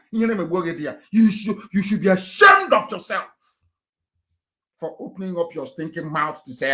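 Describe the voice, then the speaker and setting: A man giving a confrontational live broadcast speech. He swings between shouting and low, intense delivery and repeats phrases for emphasis. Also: lively intonation, normal speed. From Nigeria. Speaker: broadcaster addressing listeners.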